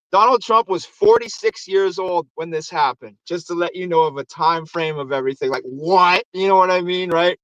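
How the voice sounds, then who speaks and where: A man hosting a casual movie recap show, animated and swearing, acting out quotes from the films. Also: sits high, no echo, lo-fi sound. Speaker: host.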